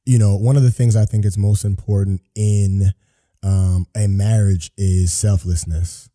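A man talking as a podcast guest in relaxed, casual conversation, often acting out what other people say. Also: lowish voice, a little slow. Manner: relaxed, acts out quoted voices.

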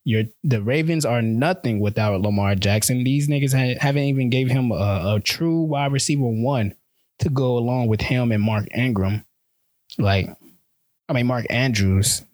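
A man's voice: medium pitch, normal speed, a little mellow, no echo. A man hosting a casual solo sports podcast, talking loosely in slang and often restarting his words.

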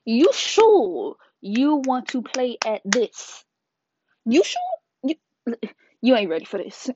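Playful menacing monster cat, put on by a woman, drawled and high, lo-fi and dry. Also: wildly swooping pitch, takes it slowly, a little mellow, slight background noise, full character voice. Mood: taunting. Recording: dull lo-fi dry sound.

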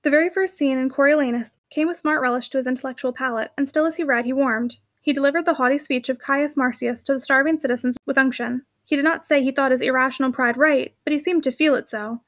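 High-voiced woman reading a novel aloud. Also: fast talker, few pauses. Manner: clear, even reading. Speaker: audiobook reader. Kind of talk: scripted narration.

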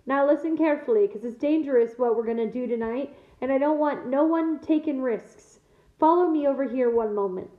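Woman putting on a gruff half-giant gamekeeper. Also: sits high, fairly quick, natural voice. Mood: stern. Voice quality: blunt rough country speech. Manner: gruff, commanding. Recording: echoey room over a thin phone-like line.

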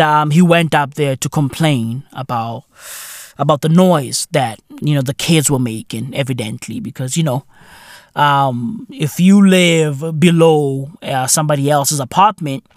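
A man's voice: fairly high pitch, dry recording, clean studio sound. A man hosting a podcast, ranting in a comedic monologue full of slang and swearing, often breaking into laughter. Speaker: podcast host.

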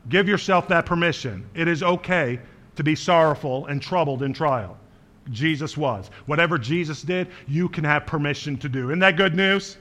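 A man's voice: a little high, normal speed, bright, forceful tone. A man preaching a sermon as pastor, speaking earnestly and directly to his congregation and quoting scripture with small verbal slips.

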